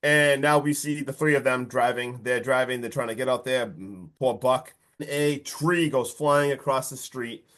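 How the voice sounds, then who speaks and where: A man co-hosting a podcast, recapping a horror movie in casual, excitable chat full of fillers and mild swearing. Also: medium pitch, moderate pace. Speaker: podcast co-host.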